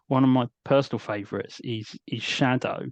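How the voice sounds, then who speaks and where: A man's voice: mid-range voice, steady tone, moderate pace, no echo. A man hosting a podcast interview, chatting casually and asking questions in an easygoing way. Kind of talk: casual chat. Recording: dry, dull lo-fi podcast audio.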